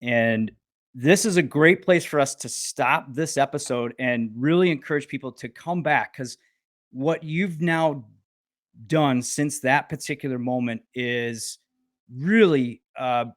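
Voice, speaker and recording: A male podcast host of middle pitch talks in a measured, unhurried way. He wraps up the conversation with hesitant fillers and restarts. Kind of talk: casual interview.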